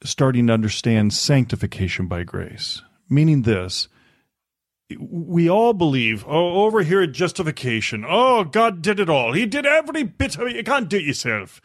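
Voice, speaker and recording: A man speaking as a podcast guest, animated, often stammering and restarting words. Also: on the high side, normal speed, no echo, clean studio sound. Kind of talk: podcast conversation.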